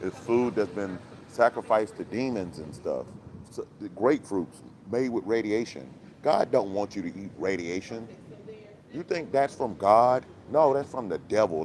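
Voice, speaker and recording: A commentary channel host chats casually outdoors, rambling in a preachy, conspiratorial way packed with fillers and laughs. His voice is on the low side with a darkish tone, and there's slight background noise.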